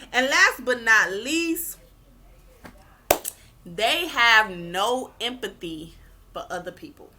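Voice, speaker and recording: A woman's voice: a little high, slow, long pauses, noisy background. A woman vlogger giving blunt relationship advice in a casual rant, swearing and repeating her points for emphasis. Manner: animated, acts out quoted people.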